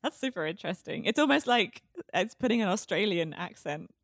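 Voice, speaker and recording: Woman co-host, curious and engaged, lively rise and fall, dry close sound. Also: mid-range voice, fairly quick, dry recording. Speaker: podcast co-host who asks questions. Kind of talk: casual podcast chat.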